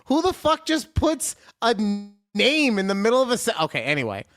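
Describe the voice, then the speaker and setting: A man's voice: sits high, huge pitch swings, a little fast, fairly bright tone. A man co-hosting a casual podcast, reading horoscopes aloud with mock-dramatic jokes and free swearing. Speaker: podcast co-host.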